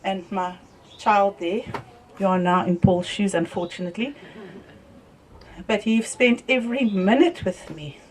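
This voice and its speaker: An older woman with a South African accent, telling lively stories at a wake and laughing often through them. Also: mid-range voice, a little slow, pauses often. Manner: lively storyteller, laughs through tales, softens when thanking people. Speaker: family member speaking at a wake. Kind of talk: anecdotal eulogy storytelling. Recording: voice from far off the mic.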